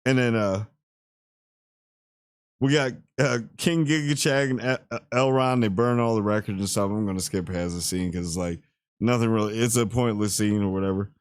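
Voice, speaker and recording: Male host, low-pitched, talking loose and slangy through a spoiler review in a dry room. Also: normal speed, clean tone, no echo. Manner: rambling and slangy, with playful asides.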